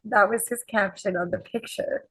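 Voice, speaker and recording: A woman guest on a chat podcast, telling a lively anecdote and acting out the quoted dialogue. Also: mid-range voice, moderate pace, husky, no echo, poor audio. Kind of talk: casual storytelling chat.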